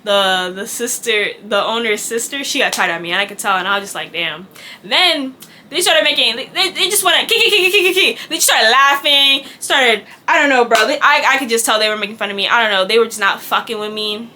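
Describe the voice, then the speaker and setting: This young woman vlogger talks a little fast in a higher voice with a sharp tone. Her storytime is casual, candid, and gabby, with free swearing and reenactments of what people said.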